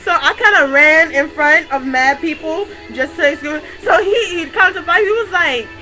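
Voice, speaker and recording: A young woman vlogger tells a story in loose street slang, her voice high and bright. She talks excitedly and keeps cracking up as she goes, with faint music playing underneath. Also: moderate pace, poor audio. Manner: excitable, laughing while telling a story, lots of slang. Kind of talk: casual storytelling.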